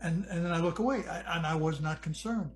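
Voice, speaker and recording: Man from Michigan, fairly high voice, earnest personal testimony, halting and reflective, soft music underneath. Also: rough recording. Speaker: near-death experience storyteller.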